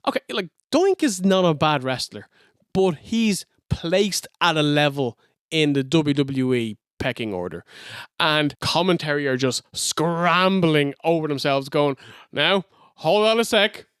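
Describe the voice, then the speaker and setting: A man co-hosting a podcast, animated and giggly, often mimicking the people he describes. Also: fairly high pitch, unhurried, clean tone, dry recording, studio quality. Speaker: podcast co-host. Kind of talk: casual wrestling review chat.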